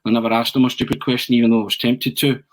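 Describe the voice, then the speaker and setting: A man's voice: medium pitch, racing, a little hiss or hum, rough recording. Man telling a long anecdote. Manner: animated storyteller, frequent restarts and "eh". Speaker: podcast pundit.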